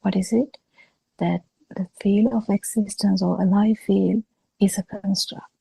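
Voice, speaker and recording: A woman giving a Buddhist talk over a video call, speaking slowly with halting pauses and fillers. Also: medium pitch, fairly even intonation, vocal fry, warm tone, husky, no room sound, poor audio. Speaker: Buddhist teacher.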